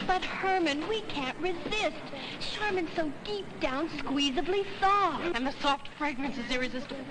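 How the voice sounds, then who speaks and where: A woman's voice: high voice, normal speed, close to an everyday voice. An actress playing a gushing woman shopper in an old TV commercial. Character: eager woman shopper who loves soft tissue. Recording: very noisy old commercial audio.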